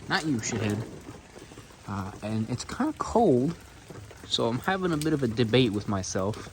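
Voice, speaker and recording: A man's voice: medium pitch, sing-song, normal speed. Rambling man on noisy home audio. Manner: rambling, joking, talks to his dogs. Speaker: vlogger. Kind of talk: casual home vlog. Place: home kitchen.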